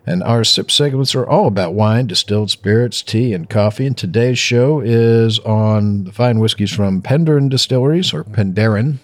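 A man's voice: lowish voice, normal speed, few pauses, dry recording. Joking man hosting, dry sound. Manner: joking, rambling, with fillers. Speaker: host. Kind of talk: casual podcast banter.

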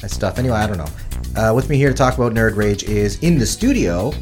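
A man's voice: lowish voice, big pitch swings, fairly quick, darkish tone, soft background music. A man hosting a casual podcast, rambling and jokey as he introduces his guests. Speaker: podcast host.

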